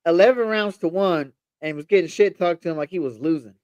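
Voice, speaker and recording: A man's voice: high-pitched, fairly quick, clear, resonant tone, no echo, lo-fi sound. A man co-hosting a live fight watch-along stream, chatting casually, swearing and calling people bro. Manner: animated, says bro a lot, swears freely.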